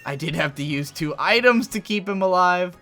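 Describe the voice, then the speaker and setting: Young male let's play host, chatty and profane, bright edgy voice over quiet game music. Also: sits high, normal speed. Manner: rambling, swears freely, excitable outbursts. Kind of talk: casual gameplay commentary.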